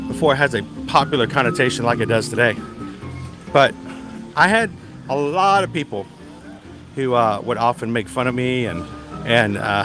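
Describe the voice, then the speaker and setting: A man hosting a casual livestream outdoors at a theme park, telling a rambling story with fillers and laughs. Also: mid-range voice. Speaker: livestream host.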